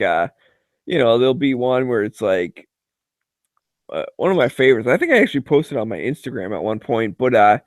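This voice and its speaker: A man's voice: mid-range voice, dry recording, clean studio sound. A man in casual chat, telling joking, profane stories full of filler words and frequent laughter. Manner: loose filler-heavy delivery with many "like"s. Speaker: chat regular.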